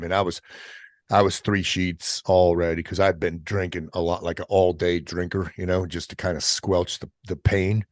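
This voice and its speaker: A middle-aged man, a military veteran guest on a podcast, telling a personal story in a casual, profane way, halting and restarting as he goes. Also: deep voice, dry recording, studio quality. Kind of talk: candid storytelling in an interview.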